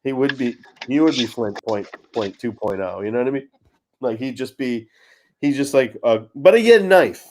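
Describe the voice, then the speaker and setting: A man hosting a casual podcast chat, animated and crude, often cutting himself off. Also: medium pitch, normal speed. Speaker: podcast host.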